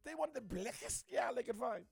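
A man from the Bahamas with a Bahamian accent, ranting to camera in an animated, preachy way, repeating his points. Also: extremely high pitch, normal speed, vocal fry, breathy edge, no echo, faint music behind. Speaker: social media commentator. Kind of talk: opinionated rant to camera.

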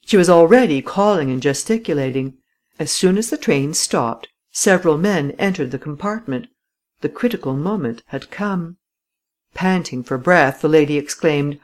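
A woman narrating a classic story in the first person, with an expressive delivery. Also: deep voice, normal speed. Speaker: audiobook narrator.

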